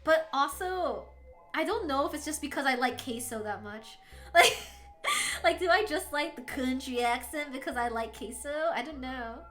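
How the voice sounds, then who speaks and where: A woman's voice: high-pitched, moderate pace, fairly bright tone. An American woman chatting casually on a live stream, giggly and rambling, laughing often. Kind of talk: casual chat.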